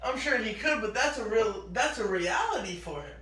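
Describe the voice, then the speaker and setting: Man, casual storyteller, high voice, animated, echoey room. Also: normal speed. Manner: animated, acts out quoted lines. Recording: echoey room, mic at a distance.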